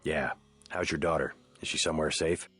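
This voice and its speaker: A terse husky game agent. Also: male voice, extremely low pitch, fairly even intonation, brisk, a bit bright, soft background music, heavily acted. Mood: flat. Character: terse gruff male agent, calm and guarded. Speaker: game character, special agent. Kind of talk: video game voice acting.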